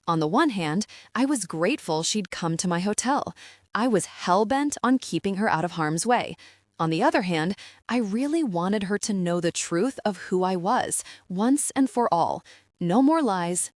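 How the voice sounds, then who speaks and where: A woman narrating a first-person romance audiobook in a steady, even storytelling voice. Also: lowish voice, no room sound, clean studio sound.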